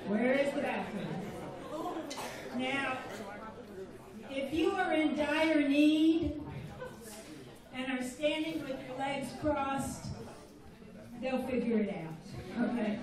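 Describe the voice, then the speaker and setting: Far from the mic, a high-voiced woman speaks in an animated way but at a slow pace, with frequent pauses. She's teaching a crowd of students simple Spanish phrases in a school room, repeating each patiently for them to echo, and the room sounds echoey from the distant recording.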